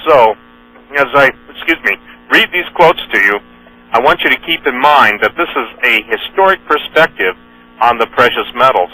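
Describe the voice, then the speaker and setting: A man's voice: medium pitch, pushed and bright, low-quality recording. A man hosting a radio talk show, reading news items and quotes aloud in an earnest manner, often correcting himself mid-sentence. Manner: earnest, with frequent fillers and self-corrections.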